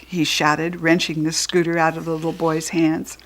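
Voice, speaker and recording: American woman, storybook reader, lively and expressive delivery. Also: low voice, normal speed. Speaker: children's book reader. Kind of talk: storybook read-aloud.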